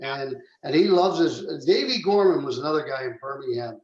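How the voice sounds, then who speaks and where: A man co-hosting a podcast, chatting casually and quickly about a coach. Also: mid-range voice, expressive. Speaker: podcast co-host. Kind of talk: casual chat. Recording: dull, roomy lo-fi sound.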